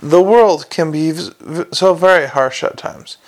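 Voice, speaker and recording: A man voicing a feverish, power-obsessed nobleman in an audiobook, quiet and self-assured. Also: fairly high pitch, measured pace, lightly acted. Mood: silky. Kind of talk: audiobook character reading.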